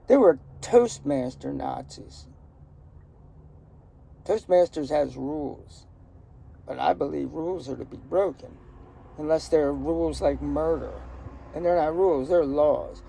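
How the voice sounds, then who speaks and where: Gravelly older man telling stories. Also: fairly high pitch, a little slow, long pauses, mellow. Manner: rambling, joking, outspoken. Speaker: storyteller. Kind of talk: casual personal storytelling. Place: outdoors in a garden.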